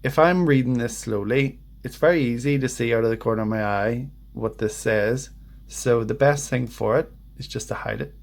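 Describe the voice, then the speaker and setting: A man talking through his computer screen in a casual how-to vlog. He rambles in a relaxed, self-deprecating way and slows down, hesitant, when he sounds out words. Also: mid-range voice, creaky. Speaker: language learner vlogger. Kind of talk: casual screen-share tutorial. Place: at a home computer.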